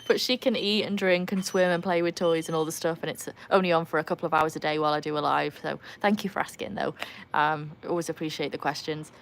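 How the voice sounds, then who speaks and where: A woman's voice: fairly even intonation, a little fast, creaky. Chatty Welsh woman on a live stream. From North Wales. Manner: chatty, laughs often, talks to her dogs in a higher voice. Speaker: livestream host. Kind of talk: casual live-stream chat. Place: outdoors by a backyard pool. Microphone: phone.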